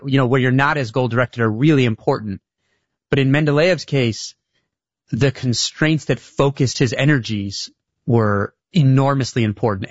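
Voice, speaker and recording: A man's voice: medium pitch, no echo. A man being interviewed as an author, explaining his ideas at length with occasional restarts. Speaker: author guest. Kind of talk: interview conversation. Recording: slightly dull, dry sound.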